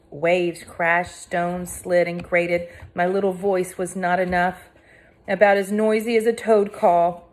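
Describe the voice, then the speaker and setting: A woman reading a first-person audiobook aloud with dramatic, tense delivery that drops to hushed tones. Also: lowish voice, slow pace. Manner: dramatic, swinging between hushed and cried out. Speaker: audiobook narrator.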